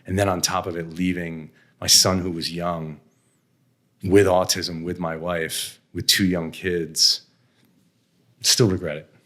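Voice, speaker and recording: A middle-aged man from the United States with a very low voice tells stories from his working life. He talks bluntly and casually, mocking himself and laughing now and then. His manner is frank and conversational, with the odd swear word. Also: flat delivery, takes it slowly, a bit bright. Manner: blunt, self-deprecating, laughs often, mild swearing. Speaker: interview guest, venture investor. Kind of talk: candid conversational storytelling.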